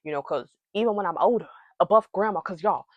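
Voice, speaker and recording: Chatting to her viewers in a makeup vlog, this young beauty vlogger speaks quickly in a lowish voice, giggling and hyper as she drifts from one thing to the next. There's no room sound, the audio is lo-fi, and she's on a wireless receiver mic.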